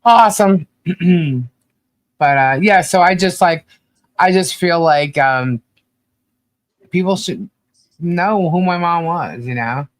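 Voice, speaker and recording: A woman's voice: lowish voice, slow, pauses often, dry recording. A woman co-hosting a podcast in casual chat, fondly and emotionally reminiscing and laughing often. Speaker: podcast co-host.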